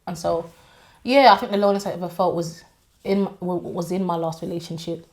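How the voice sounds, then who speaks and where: A woman, telling a painful personal story as a podcast co-host, candid and quick to laugh. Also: fairly low pitch, flat delivery, a little mellow. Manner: emotional, confessional, quick to laugh.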